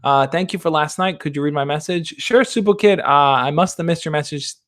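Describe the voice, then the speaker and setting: A young man hosting a livestream, reading out viewer questions and answering them in a relaxed, reassuring way. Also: on the high side, fairly quick. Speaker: dating advice host. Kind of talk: casual livestream chat.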